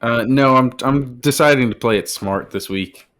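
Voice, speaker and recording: A man's voice: mid-range voice, normal speed, a bit bright. A man co-hosting a casual sports podcast, teasing the others with dry remarks. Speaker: podcast co-host.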